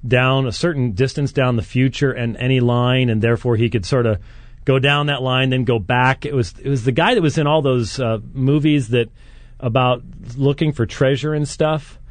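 A man hosts a call-in radio program, talking in a halting way with frequent restarts and quick chuckles. His voice sits at an ordinary pitch. The studio sound is close and dry, with no room echo. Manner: halting, many restarts and fillers, chuckles often. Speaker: radio show host.

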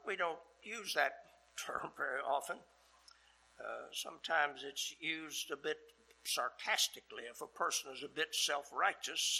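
An older man preaching a sermon as pastor, earnest and deliberate, pausing between phrases. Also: a little high, bright, forceful tone, low-quality recording.

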